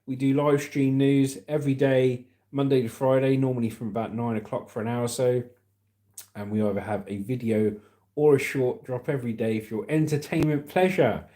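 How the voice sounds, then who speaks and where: A man's voice: medium pitch, steady tone, moderate pace, warm tone. A middle-aged man from the UK hosting a casual livestream, joking and reading viewer comments aloud. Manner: chatty, jokey, reads comments aloud. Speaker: livestream host.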